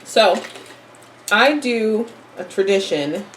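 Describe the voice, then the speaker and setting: A young woman guest chatting casually about her work, relaxed and matter-of-fact. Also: mid-range voice, takes it slowly, roomy sound, slight background noise. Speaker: guest, news producer. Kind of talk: casual chat.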